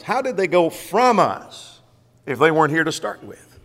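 A man's voice: on the high side, very animated, moderate pace, a bit bright, in a large hall. A man preaching a sermon in a church, asking himself questions and answering them.

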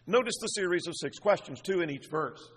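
A man's voice: high voice, expressive, a little fast, breathy edge. A man preaching an expository sermon, earnestly piling up rhetorical questions. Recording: long reverb of a large hall.

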